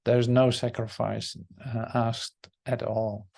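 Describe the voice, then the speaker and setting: A man's voice: medium pitch, flat delivery, slow, vocal fry, mellow. A man leading a spiritual study group, musing on scripture in a searching, reflective way.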